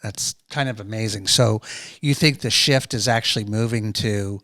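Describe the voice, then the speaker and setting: A man's voice: fairly low pitch, moderate pace, sharp tone, no echo, studio quality. A middle-aged man hosting a podcast interview, chatting easily and asking follow-up questions. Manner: conversational, asks follow-up questions. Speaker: podcast host. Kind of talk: casual interview chat. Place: podcast studio.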